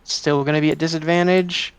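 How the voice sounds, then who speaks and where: A man's voice: on the high side, fairly even intonation, fairly quick, smooth. A man as a player in a tabletop game, thinking his moves through aloud and groaning at bad luck. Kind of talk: casual tabletop game chat.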